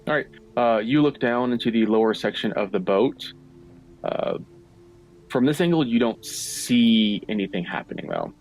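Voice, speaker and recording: A game master narrates the scene in a measured, filler-heavy way, now and then dropping a swear. His voice is a middling man's pitch, recorded through a voice-chat mic with faint background music. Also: lively intonation, a little mellow. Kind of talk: narrating a tabletop game over an online call. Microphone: online voice-chat mic.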